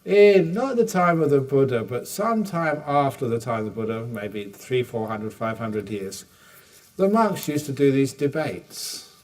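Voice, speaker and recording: A man's voice: medium pitch, expressive, a little slow, darkish tone, far from the mic. An older man giving a meditation teacher's dharma talk, answering retreat questions with humor and acted-out dialogue. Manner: humorous storytelling, acts out dialogue. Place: retreat hall.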